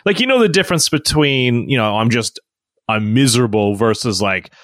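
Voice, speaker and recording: A man's voice: medium pitch, normal speed, dry recording, clean studio sound. A man in his thirties co-hosting a podcast, telling stories animatedly and acting out voices. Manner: animated storyteller, acts out voices. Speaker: podcast co-host. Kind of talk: casual chat.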